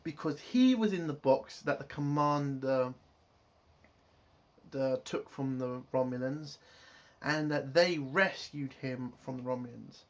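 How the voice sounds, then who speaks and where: A man's voice: medium pitch, slow pace. A man giving a casual episode review, frustrated and swearing, building into exasperated outbursts. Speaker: show reviewer.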